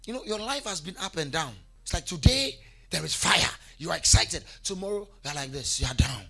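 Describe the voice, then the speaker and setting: A man delivers an emphatic sermon in a high, husky voice, calling on the congregation to say lines back to him. His voice is bright and edgy, and it swings widely from fervent peaks to low, quiet passages. A faint wash of music sits underneath. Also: expressive, brisk. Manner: emphatic, rises to fervent shouts and drops low. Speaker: preacher. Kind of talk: sermon with congregation call-and-response.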